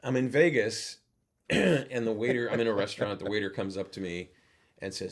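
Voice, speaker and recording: A man, a guest actor and voice-over coach, telling lively anecdotes in a casual interview over a video call. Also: fairly low pitch, normal speed. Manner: animated anecdote teller who acts out other voices.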